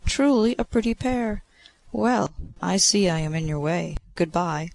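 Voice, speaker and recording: A man reading aloud, voicing a playful young male god of love who teases and prods with quick exclamations. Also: fairly high pitch, creaky, poor audio. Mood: gleeful.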